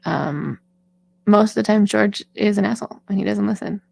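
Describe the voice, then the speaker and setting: A woman's voice: medium pitch, moderate pace, vocal fry, darkish tone, breathy edge. A woman singer and vocal coach giving chatty, encouraging advice in a casual talk, with lots of fillers.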